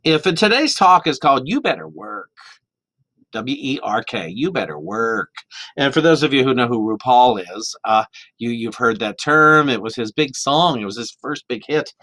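A man's voice: medium pitch, normal speed, dry recording. Guy preaching a chatty sermon, lots of restarts, dry close sound. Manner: animated, chatty, with many restarts and playful quoted voices. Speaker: minister. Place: church sanctuary. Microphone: microphone.

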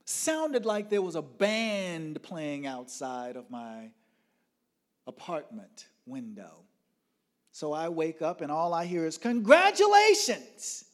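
A man telling a personal story dramatically, moving from loud outbursts to hushed whispers. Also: a little high, lively intonation, takes it slowly.

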